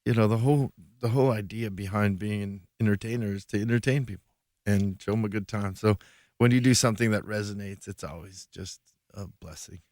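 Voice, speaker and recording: A man's voice: fairly low pitch, steady tone, fairly quick, darkish tone, no echo. A man guesting as an actor in a radio studio interview, easygoing and rambling, with a fondness for improv. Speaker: stage and film actor, guest.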